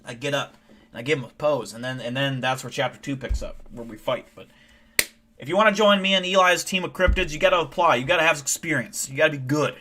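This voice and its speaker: A man streaming live, telling wild stories in animated, profane, casual chat. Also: fairly high pitch, quick pace.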